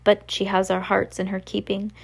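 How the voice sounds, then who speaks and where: A woman reading aloud and voicing sorrowful ghost children who speak slowly and mournfully. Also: medium pitch, completely flat delivery, creaky, breathy edge. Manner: slow, mournful, drawn-out. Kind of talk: audiobook reading.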